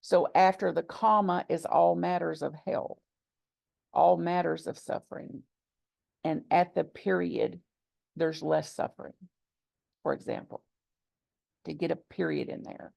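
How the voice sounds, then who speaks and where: A woman minister speaks in a low, deeply gravelly voice, teaching a gathered congregation. She talks deliberately and reflectively, coming back to key phrases to stress them. Her voice is captured close and dry, with little room sound. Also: darkish tone, no echo. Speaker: minister and author. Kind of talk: teaching talk to a live congregation. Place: gathering with a live audience.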